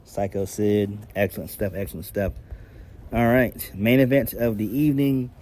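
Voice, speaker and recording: A man's voice: mid-range voice, warm tone, slight background noise. A man giving a casual solo review of a wrestling show, blunt and exasperated, swearing freely and talking to his viewers.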